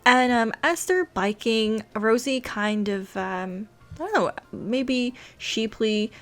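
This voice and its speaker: A woman's voice: fairly high pitch, animated, slow, soft background music. A woman casually narrating a life-sim game story, chatty and giggly, with dramatic asides. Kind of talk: casual let's-play storytelling.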